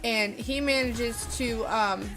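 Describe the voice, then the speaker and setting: Brief: rambling woman streamer, a bit high-pitched, music playing behind her, casual and sweary. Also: slow pace. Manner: rambling, lots of fillers and swearing. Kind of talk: casual storytelling while gaming.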